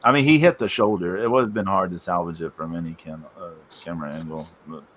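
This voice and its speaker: A man's voice: low-pitched, fast talker, fairly bright tone. A man co-hosting a casual wrestling podcast, bluntly reading his critical notes. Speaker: podcast co-host.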